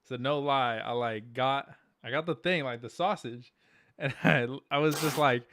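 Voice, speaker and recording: A man's voice: medium pitch, a little slow, a bit bright, slight background noise. A young man hosting a podcast in casual chat, telling rambling stories and laughing through them. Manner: rambling storyteller, laughs mid-story. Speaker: podcast host.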